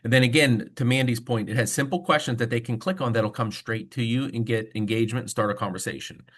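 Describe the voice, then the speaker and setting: A man's voice: medium pitch, fairly even intonation, fast, fairly bright tone. Casual-talking mortgage man on a video call. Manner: casual storytelling, conversational fillers. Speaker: mortgage loan officer. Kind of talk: webinar presentation.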